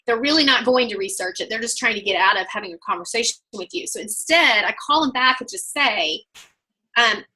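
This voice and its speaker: A woman's voice: fairly high pitch, lively intonation, brisk, sharp tone, poor audio. A woman with an Oklahoma accent coaching a group on follow-up conversations, upbeat and emphatic. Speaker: sales trainer.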